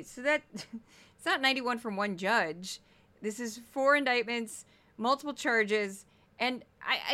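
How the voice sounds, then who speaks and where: A woman from Missouri hosting a casual, sarcastic commentary show, mocking news clips with animated asides. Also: high voice. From Missouri, United States. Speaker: political commentary host.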